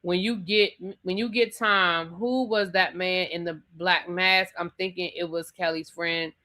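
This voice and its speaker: Bright-voiced woman ranting casually. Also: lowish voice, steady tone, measured pace. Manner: chatty and sassy, repeats her points. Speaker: host reviewing a reality TV episode. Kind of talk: casual live rant reading viewer comments.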